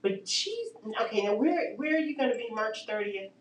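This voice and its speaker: A woman's voice: on the high side, expressive, moderate pace, echoey room, distant mic, slight background noise, rough recording. A woman hosting a call-in radio show, an eager, agreeable interviewer chatting with her guest. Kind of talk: casual chat on a call-in show.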